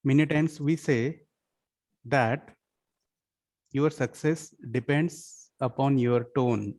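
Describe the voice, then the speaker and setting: A man's voice: medium pitch, slow, a little mellow. Man lecturing a college class. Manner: keeps checking understanding with "yes or no?" questions; switches into Marathi and Hindi to explain.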